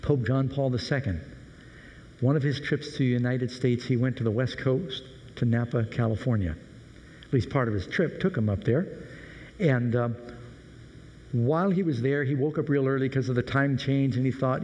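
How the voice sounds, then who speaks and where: A man's voice: mid-range voice, normal speed, a little mellow, big-room sound, slight background noise, poor audio. A man preaching a sermon in a conversational storytelling way. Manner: conversational, anecdotal.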